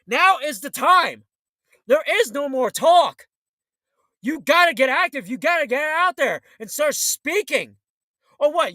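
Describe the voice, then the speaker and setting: A man's voice: extremely high pitch, expressive, measured pace, sharp tone, no echo. A man hosting a political talk show, ranting in a fiery, blunt, combative way.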